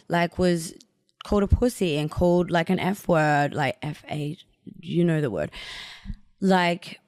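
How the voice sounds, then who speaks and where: A young woman speaks bluntly in a candid podcast monologue, scattering fillers and swearing freely. Her voice sits a little low, and the sound is dry and close with no room echo. She comes across as unfiltered and conversational. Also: a little mellow. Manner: frank and blunt, heavy on fillers like "like". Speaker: podcast host.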